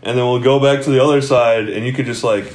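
A man's voice: medium pitch, steady tone, quick pace, darkish tone. A young man telling stories in casual chat, rambling, laughing often and swearing freely. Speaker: podcast co-host.

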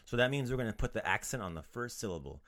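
A man hosting a podcast language lesson in a playful, casual way, joking around and repeating words slowly for learners. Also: medium pitch, lively intonation, fairly bright tone.

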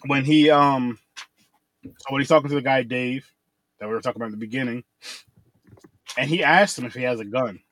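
A man's voice: medium pitch, fairly quick, long pauses, a bit bright, no room sound, poor audio. A man hosting a horror movie review podcast in loose, profane casual chat who laughs easily.

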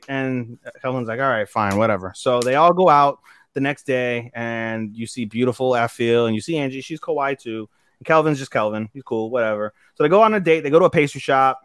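A man's voice: medium pitch, a bit bright, smooth, no room sound, studio quality. Profane young man recapping anime. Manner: rambling, profane, acts out character lines in quick voices. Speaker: podcast co-host.

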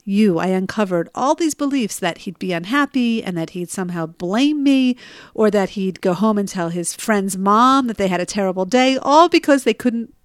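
A woman's voice: medium pitch, lively intonation, normal speed, no echo, clean studio sound. A middle-aged woman telling a personal story in a conversational way, often asking listeners "right?" and laughing at herself. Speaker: storyteller sharing personal stories.

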